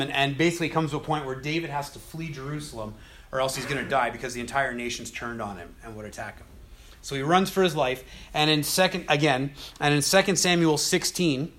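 Man, bible teacher, casual study talk, animated storyteller, fairly high voice.

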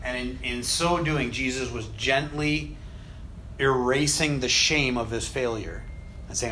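A man in a casual faith discussion who tells scripture stories with energy. He acts out the quoted lines, often laughs, and drops to a soft, low voice on the gentle points. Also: measured pace, a little hiss or hum.

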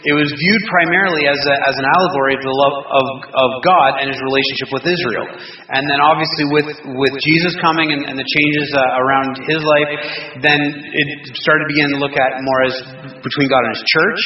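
A man teaching a casual Bible study to a group of men, rambling with restarts, joking and chuckling as he goes. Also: fairly high pitch. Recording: roomy distant dull recording with faint noise.

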